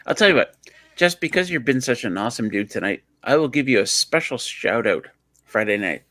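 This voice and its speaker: A man's voice: mid-range voice, expressive, a little fast, bright, forceful tone, no echo. A man who is a guest on a livestream, teasing the host in casual chat and laughing often. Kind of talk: casual late-night chat.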